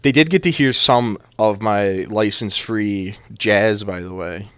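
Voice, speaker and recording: A man with a fairly low voice casts an amateur esports match in loose, joking banter full of fillers. The sound is dry and close, with no room around it. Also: measured pace, fairly bright tone, clear, resonant tone, dry recording. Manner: joking, rambling with many fillers. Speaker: esports caster. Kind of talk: casual esports commentary.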